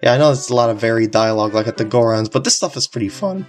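A woman's voice: a bass voice, expressive, racing. A woman casually commenting over a video game walkthrough, rambling and giggling. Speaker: gameplay commentator. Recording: faint game music behind.

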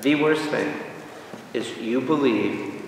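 A man's voice: mid-range voice, takes it slowly. A man, a priest leading a Bible study, teaches energetically, quizzing his listeners and mixing in jokes. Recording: echoey hall from far off, faint hum.

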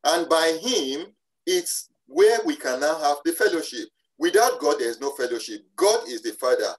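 A preacher delivers a sermon at a church service. The voice is emphatic and slows deliberately on key phrases. The speaker often restarts and repeats words mid-sentence. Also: mid-range voice, big pitch swings, rough recording.

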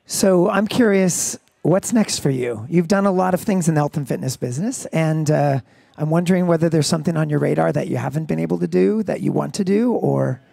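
A man hosting an interview, asking questions in a relaxed, curious way with light jokes. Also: fairly high pitch, fairly quick, vocal fry, no echo, clean studio sound. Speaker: interview host.

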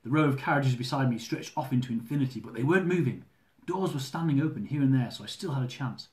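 A man's voice: medium pitch, fast. Man telling a comic story aloud. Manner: lively, dramatic storytelling with comic swearing. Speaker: author reading his own book. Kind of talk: live reading of a humorous travel memoir. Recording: roomy echo.

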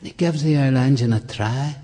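A man's voice: medium pitch, normal speed, dark tone. A man with a Northern Irish accent reciting a comic poem with dry storytelling and asides, in a performance hall.

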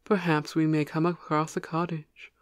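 A reader narrating a children's storybook in a flat, even way. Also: medium pitch, moderate pace, dry recording, studio quality. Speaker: audiobook reader.

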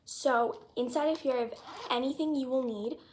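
A woman's voice: high voice, normal speed, a little mellow, a little hiss or hum. A teenage girl chatting casually in a haul video, gushing over her things and filling her talk with "like.". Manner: gushing, chatty, lots of "like" fillers. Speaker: vlogger.

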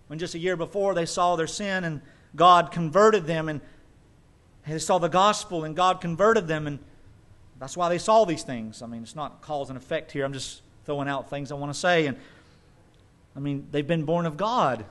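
A man preaches with a fairly high voice. He drives his points hard and then drops into quick, dry asides. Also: fairly bright tone. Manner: emphatic preaching with asides and mock quotes. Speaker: pastor. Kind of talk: sermon.

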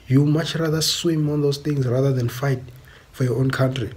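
Swearing and repeating himself, a South African man delivers a blunt, emphatic, angry monologue on a stream. He talks at a normal speed in a mid-range voice with a darkish tone.

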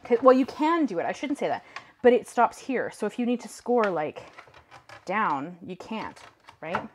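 A chatty young woman from Canada runs a casual craft live stream, talking easily to viewers as she works. Her voice sits at an average pitch, with a faint hiss of noise behind it. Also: very animated, normal speed. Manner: chatty, indecisive, talks to chat and her cat. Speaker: craft video host.

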